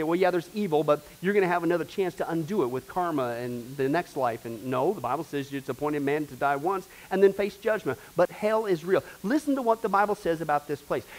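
In a low-quality recording, a high-pitched man leads a church discipleship class. His delivery is emphatic and preacher-like, full of repeated phrases aimed directly at the class.

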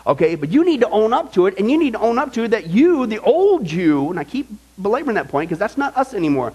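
A man's voice: high-pitched, very animated, quick pace, a little mellow, husky. A man teaching a Bible study in an emphatic, conversational way, often checking in with "okay?" and "right?". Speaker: pastor.

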